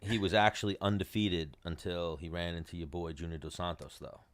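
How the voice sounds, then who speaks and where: A man's voice: low voice, steady tone, fairly quick. A man hosting a podcast who goes over fights in a loose, rambling way. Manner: rambling, loose, with lots of fillers. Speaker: podcast host. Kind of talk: casual chat, fight recap.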